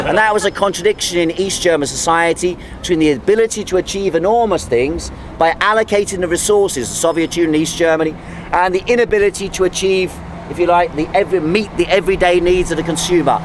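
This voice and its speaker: A man's voice: sits high, a little fast, a little hiss or hum. A man guiding a tour outdoors, giving an anecdotal history lecture sprinkled with jokes. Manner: lively, anecdotal, jokey.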